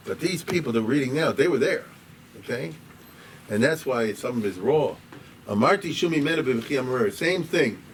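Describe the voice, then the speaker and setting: A man teaching a class as a rabbi, in a conversational, digressive way that grows animated when he quotes. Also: medium pitch, a little fast. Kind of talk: informal lecture. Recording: distant mic with faint room noise.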